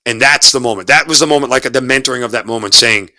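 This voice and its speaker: A man's voice: mid-range voice, quick pace, bright, forceful tone, no echo. A man in his forties, an army officer and broadcaster, telling his story in an interview in an earnest, talkative way, often repeating words as he searches for them. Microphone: studio mic.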